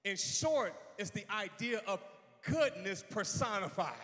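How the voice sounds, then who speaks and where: Guy pastor preaching, bright high voice, big hall reverb. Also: measured pace. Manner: animated, swings from quiet asides to shouting. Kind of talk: sermon.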